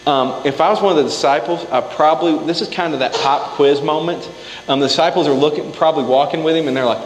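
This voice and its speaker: A man's voice: on the high side, fast talker, a little hiss or hum. A man preaching a sermon in a church hall. He talks casually and acts out the scripture quotes himself. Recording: echoey hall, faint ambience.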